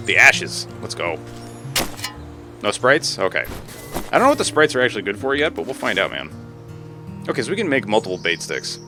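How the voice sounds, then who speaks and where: A man's voice: fairly low pitch, huge pitch swings, fairly quick, long pauses, over music. A man streaming a video game, reading its text aloud and reacting with jokes and frequent swearing. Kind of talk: casual gaming commentary.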